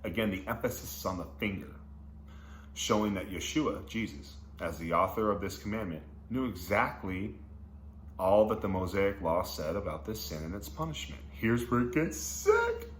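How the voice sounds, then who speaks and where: Here a man with a fairly low voice guides an informal Bible study, moving from scripture readings into excited, slang-filled commentary. His delivery is sing-song at a moderate pace, captured in a roomy, echoing space with light background hum.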